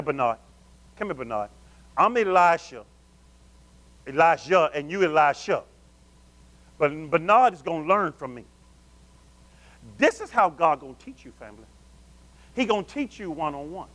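High-pitched animated preacher man. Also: fairly quick, long pauses. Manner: animated call-and-response preaching, addresses the congregation as family. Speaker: pastor. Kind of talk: sermon.

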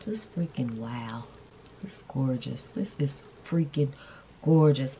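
A woman's voice: very deep voice, expressive, takes it slowly, mellow, highs cut off, slight background noise. A woman vlogger chatting casually and playfully to her viewers while styling a wig. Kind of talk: casual beauty vlog chat. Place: indoors, hotel room.

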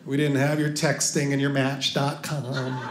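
A male stand-up comedian making quick, wry asides to the audience. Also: mid-range voice, level tone, noisy background. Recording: echoey live room, loud crowd.

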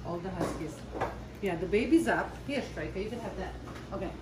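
A woman talks casually to the camera while she cooks in a home kitchen. She is a little away from the mic in an echoey room, with a clear hum of ambience behind her. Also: mid-range voice, lively intonation, fairly quick. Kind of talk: casual vlog chat. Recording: roomy kitchen sound from a distance.

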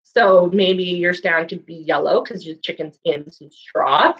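A woman leading a children's story time and craft lesson, speaking in a sing-song, animated way and doing animal sounds for kids. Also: lowish voice, measured pace, dull audio. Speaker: children's librarian.

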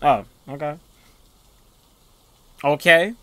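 A man giving jittery, swearing commentary while playing a horror game, muttering one moment and yelling the next. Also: fairly high pitch, very slow, dry recording. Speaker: gaming video creator.

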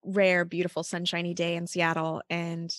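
A woman's voice: lowish voice, level tone, moderate pace, dry recording, clean studio sound. A woman guest on a podcast, a mother telling a personal story in a casual, earnest way, full of "like" and "you know". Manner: earnest, chatty, many "like" and "you know" fillers.

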